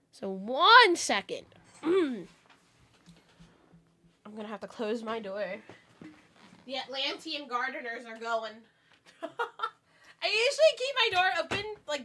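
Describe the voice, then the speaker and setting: A young woman from the Philippines chats through a watchalong stream with bubbly excitement. Her voice is bright and a little high, swinging up and down all the time. She giggles and gushes as she talks. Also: takes it slowly, pauses often. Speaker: streamer host. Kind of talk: casual watchalong commentary.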